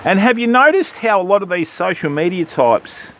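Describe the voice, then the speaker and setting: A man's voice: high voice, sing-song, normal speed, fairly bright tone. An Australian man chatting casually with viewers on a live fishing stream from an outdoor beach. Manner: chatty, matey, answering viewers.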